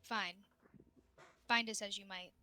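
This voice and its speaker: A woman's voice: mid-range voice, fairly even intonation, takes it slowly, pushed and bright. A woman voicing a proud, exiled female elf mage who speaks formally and with authority. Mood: earnest. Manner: commanding, formal.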